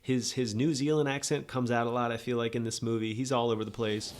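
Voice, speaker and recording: A man's voice: mid-range voice, little pitch movement, fast talker. A man hosting a podcast, giving a rambling, sarcastic, opinionated movie review in a casual monologue. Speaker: podcast host.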